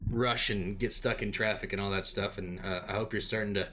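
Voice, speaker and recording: A man's voice: on the low side, fairly even intonation, a little fast, bright, forceful tone, slight background noise. A young man running a tabletop game, chatting casually and upbeat with many fillers. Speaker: game master.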